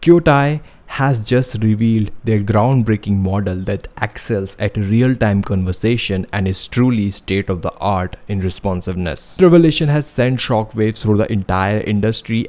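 Deep, mellow hyped host. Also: male voice, normal speed, hardly any pauses. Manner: hyped, promotional. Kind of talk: scripted narration.

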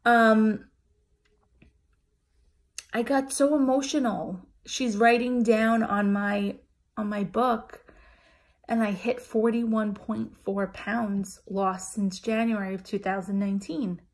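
A woman's voice: a little high, steady tone, slow. A woman vlogger telling a personal story to camera in a chatty, emotional way, full of fillers and restarts. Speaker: vlogger sharing a weight-loss weigh-in.

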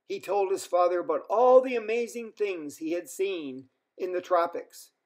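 A man reading a children's story aloud as a storyteller, in an expressive way. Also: high voice. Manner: slow, expressive.

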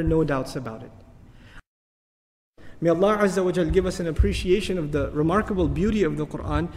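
A man giving an animated lecture on the Quran, swinging between emphatic peaks and soft asides and chanting Arabic verses in quick bursts. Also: high-pitched, big-room sound. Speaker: Islamic lecturer.

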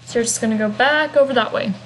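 A young woman talks through a game walkthrough in a loose, rambling way, tossing in hums and asides. Her voice sits a bit high. Faint background hiss sits under the recording. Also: fast, a bit bright, low-quality recording. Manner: chatty and rambling, with humming fillers. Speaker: gameplay walkthrough narrator. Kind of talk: casual game walkthrough narration.

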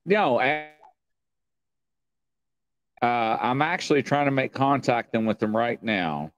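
A man with a Southern US accent hosts a talk show in a chatty way. His pitch swings widely and the sound is dry and close. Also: animated, slow, dry recording, highs cut off. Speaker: host. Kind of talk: casual talk-show hosting.

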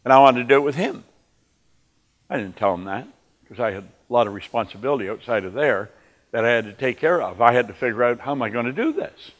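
Animated man speaking in a reverberant hall. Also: medium pitch, fast talker. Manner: animated, swings from quiet to emphatic. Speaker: motivational speaker. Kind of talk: motivational talk with personal stories. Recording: long reverb in a large hall.

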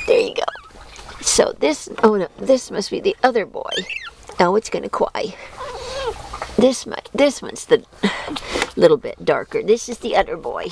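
A woman's voice: mid-range voice, big pitch swings, unhurried, vocal fry, long pauses, darkish tone, slight background noise. A woman narrating a casual home video, filmed with a handheld camera, talking doting baby talk to puppies. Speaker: dog owner filming her litter.

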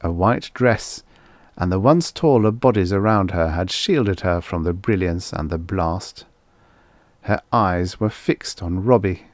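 A man narrating a vintage science fiction audiobook in a measured, expressive storytelling voice. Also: deep voice, no echo. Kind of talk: scripted narration.

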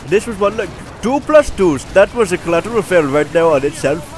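High-voiced rambling gamer guy. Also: brisk, faint music behind. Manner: rambling, excitable, swears often. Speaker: gamer commentating his own match. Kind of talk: casual gameplay commentary.

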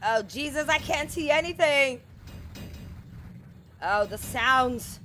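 A woman playing a video game and commenting on it, exasperated, swearing and crying out loudly at the game. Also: high-pitched, animated, slow, a little hiss or hum. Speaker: gameplay streamer. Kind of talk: gameplay commentary.

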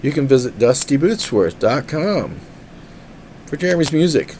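A man's voice: mid-range voice, sing-song, moderate pace, darkish tone, a little hiss or hum, low-quality recording. A man streaming from a tablet, a musician who rambles casually, jokes around and keeps slipping into silly voices. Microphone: tablet mic.

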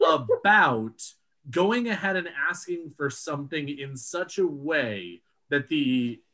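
A man's voice: fairly high pitch, very animated, slow, sharp tone. A man co-hosting a casual podcast, explaining ideas at length and swearing when amused. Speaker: podcast co-host. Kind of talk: casual chat.

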